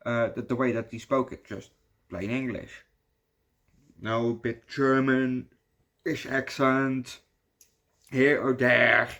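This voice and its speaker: A man's voice: mid-range voice, fairly bright tone. Dutch guy, young, rambling movie review rant, lots of yo and swearing. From Netherlands. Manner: rambling, swears a lot, says "yo" often.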